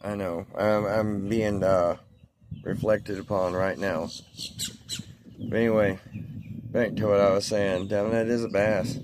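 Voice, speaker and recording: A man's voice: lowish voice, level tone, a little slow, pauses often. A man vlogging casually outdoors by the water, chatting to his viewers in a rambling, easygoing way while filming on his phone. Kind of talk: casual outdoor vlog talking to camera. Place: outdoors by a pond or lake. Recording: outdoor phone recording with background noise.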